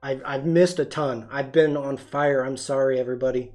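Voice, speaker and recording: A man's voice: medium pitch, steady tone, normal speed, darkish tone, faint music behind. A man hosting a live-streamed photography tutorial, chatty and demonstrative, greeting viewers and answering chat as he shows poses.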